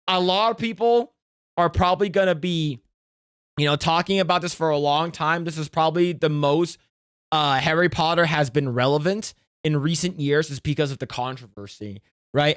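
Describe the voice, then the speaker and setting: Excitable, foul-mouthed male streamer. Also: a little high, moderate pace, clean tone, no echo, clean studio sound. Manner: excitable, swears a lot, restarts often. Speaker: streamer reacting to videos. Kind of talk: casual live-stream reaction.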